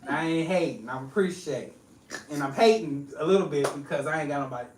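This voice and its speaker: A woman's voice: low voice, fast talker, a little mellow, slight background noise. A woman chatting casually as a podcast guest, blunt and joking, laughing often. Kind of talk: casual chat. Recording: echoey room, mic at a distance.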